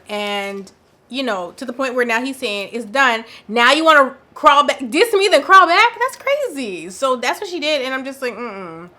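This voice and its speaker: A woman giving casual, opinionated commentary on a reality dating show, talking in an animated, slangy way. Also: a little high. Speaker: reaction commentator.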